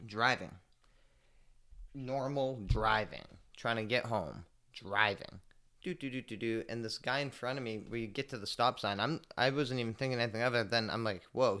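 A man hosting his own podcast in casual solo chat, rambling and profane as he tells stories, laid-back, with mumbled asides and sudden loud bursts. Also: medium pitch. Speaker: podcast host.

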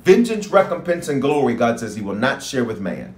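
A man's voice: mid-range voice, very animated, moderate pace, roomy sound. A man preaching a fervent livestream sermon as a bishop, repeating lines and urging his listeners on.

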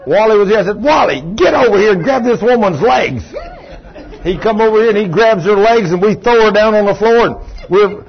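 A man, a pastor preaching a sermon, telling a story in a low voice and then rising loud and emphatic. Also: a little fast, highs cut off. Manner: swings from low quiet telling to loud raised retelling. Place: church sanctuary.

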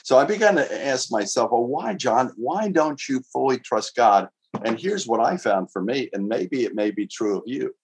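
A man's voice: mid-range voice, animated, normal speed, slightly rough. A man preaching a sermon in an earnest, conversational way, asking his listeners rhetorical questions and reading scripture aloud. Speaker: pastor. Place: outdoors in winter.

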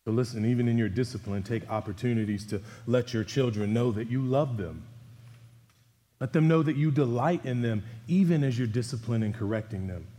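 A man's voice: mid-range voice, warm tone. Male pastor, mid-range voice, earnest conversational sermon, church hall reverb. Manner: earnest and exhorting, with conversational asides. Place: church sanctuary.

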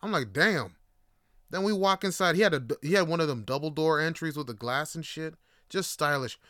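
A man hosting his show, telling a story casually, full of swearing and sudden excited jumps up in pitch. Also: fairly quick, no room sound, clean studio sound. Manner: animated, profane, voice jumps high when excited. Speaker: podcast host.

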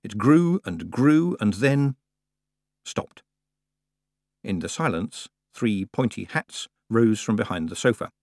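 A man narrating an audiobook in a lively, expressive storytelling manner. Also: lowish voice, slow, no echo, studio quality.

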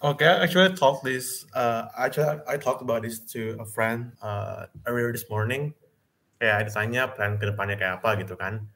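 A man's voice: medium pitch, brisk, a bit bright. A young man with an Indonesian accent, a university student guest, speaking in a hesitant, thoughtful way. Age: young adult. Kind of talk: casual chat.

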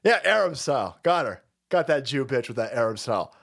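Brief: male streamer, crude, scornful, laughing rant, very animated intonation. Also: medium pitch, a little fast, creaky. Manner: profane, mocking, laughing ranting. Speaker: political commentary streamer. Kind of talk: livestream rant.

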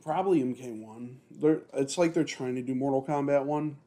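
A man's voice: medium pitch, moderate pace, dark tone. Rambling man, swearing casually. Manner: rambling, heavy swearing, many fillers. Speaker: podcast co-host. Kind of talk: casual chat.

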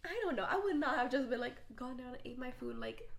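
A woman co-hosting a casual chat show, animated, swearing often and reacting with outrage. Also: high voice, fast talker, gravelly. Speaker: podcast co-host.

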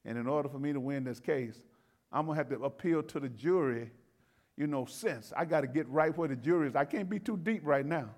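A man's voice: a little high, a little fast. A man pastor giving a sermon in a folksy, conversational preaching manner.

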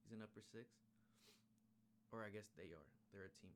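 A man with a somewhat low voice hosts a casual podcast. He rambles along in easygoing slang and swears often. His talk is loose and chatty. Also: a little fast, a little hiss or hum. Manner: laid-back, rambling, heavy swearing and slang. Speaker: podcast host. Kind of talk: casual chat recapping an episode.

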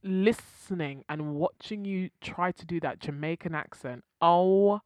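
A woman's voice: lowish voice, a little slow, dry recording. A woman co-hosting a podcast, chatting casually about a series she watched, talking with lots of emphasis and repeating words, often breaking into laughter. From has African parents. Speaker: podcast co-host reviewing a series. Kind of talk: casual chat.

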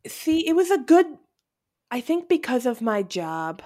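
A woman's voice: sits high, sing-song, a little slow, mellow. A woman co-hosting a casual podcast chat, given to teasing, laughing interjections. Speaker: podcast co-host who writes articles.

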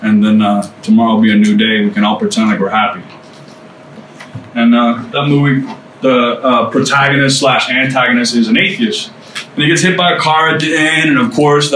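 A man's voice: medium pitch, a bit bright. Guy telling his testimony to a small group, laid back but earnest, sounds far from the mic in an echoey room with a faint hum. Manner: casual and conversational, peppered with "man" and "dude"; earnest and emotional, repeats key phrases for emphasis. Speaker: guest speaker sharing his testimony.

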